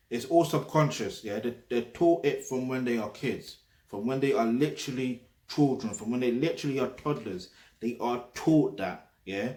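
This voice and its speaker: A man with a London accent speaks bluntly and emphatically, checking in with his listener and swearing for emphasis. His voice sits at an ordinary middle pitch. The room around him rings with a noticeable echo. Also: darkish tone. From London, England. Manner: blunt, emphatic, peppered with tag questions and swearing. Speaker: vlogger. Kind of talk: casual direct-to-camera talk. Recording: roomy echo.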